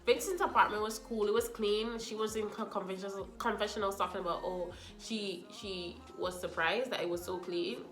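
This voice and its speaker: A woman's voice: medium pitch, normal speed, hardly any pauses, roomy sound, soft background music. Sassy woman reviewing a show. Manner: animated, sassy, talks to the cast directly. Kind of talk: casual review chat.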